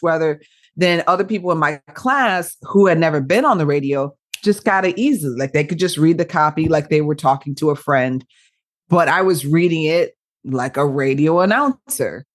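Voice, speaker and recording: A woman radio broadcaster and podcast guest, chatting animatedly and laughing often as she tells stories. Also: sits low. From Michigan. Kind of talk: casual interview chat.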